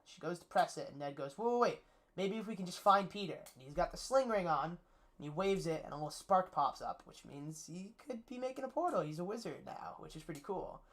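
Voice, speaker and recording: A brisk, expressive man with a fairly high voice recaps a movie's plot casually, spoilers included. As a movie reviewer, he comes across as eager and enthusiastic, rambling along with many fillers.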